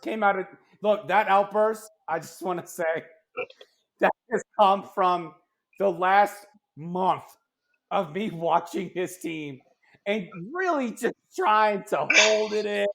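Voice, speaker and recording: A man co-hosting a casual sports podcast, ranting in an animated, exasperated way that often turns loud. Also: sits high, slow, creaky. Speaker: podcast co-host.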